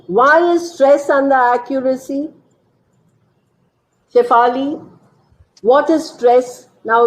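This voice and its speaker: A woman with an Indian English accent giving an online teacher training lecture, explaining slowly, stressing key words and quizzing her listeners. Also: a little high. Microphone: computer mic on a video call. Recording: dull lo-fi video call audio.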